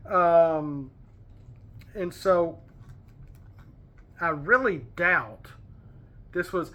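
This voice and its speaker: A man leads a casual Bible study, reading verses aloud and wandering off into chatty asides and pop-culture references. His voice sits a little high for a man. The tone is bright and forceful. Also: drawn-out words, pauses often.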